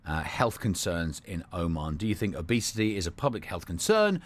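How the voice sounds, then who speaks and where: Jokey male radio host, lively pitch. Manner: teasing, jokey, quick to laugh. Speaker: radio breakfast show host. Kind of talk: playful on-air banter. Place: radio studio.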